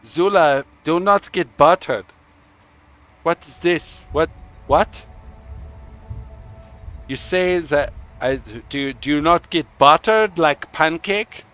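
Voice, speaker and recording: Dude doing a high pitched mock scandi guy, all baffled and offended, bright tense voice. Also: takes it slowly, pauses often, soft background music. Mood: indignant. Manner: exaggerated, baffled complaining. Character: indignant foreign-accented man, mock Scandinavian.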